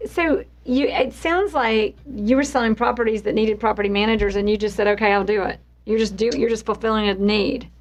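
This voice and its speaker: A woman's voice: fairly high pitch, steady tone, a little fast, few pauses. Curious woman hosting a podcast. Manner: curious, joking, asks long winding questions. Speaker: podcast host. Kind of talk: conversational interviewing.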